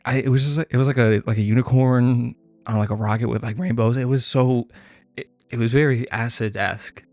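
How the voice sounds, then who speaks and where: A man's voice: mid-range voice, steady tone, a little fast, darkish tone, no room sound, faint music behind. Rambling young man telling a profane story. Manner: rambling, profane, heavy on filler words, laughs at his own story.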